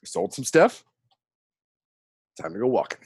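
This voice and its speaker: A man's voice: medium pitch, big pitch swings, measured pace, darkish tone, slightly rough, no room sound. Casting: man as an aging showman sorcerer, weary drawl, dry close recording. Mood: grand weary. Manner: drawling, world-weary, grand but tired. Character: weary old showman wizard, man in his late sixties.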